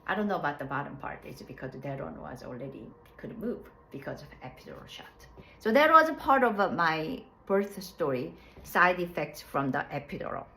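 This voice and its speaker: A woman with a low, deep-set voice recounts something from her own life. She talks casually and frankly, often restarting her sentences and laughing at herself. The delivery is plainspoken storytelling rather than a performance. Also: very animated, creaky, bright, forceful tone, slight background noise, poor audio. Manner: loose, halting phrasing with restarts. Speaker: vlogger telling her birth story.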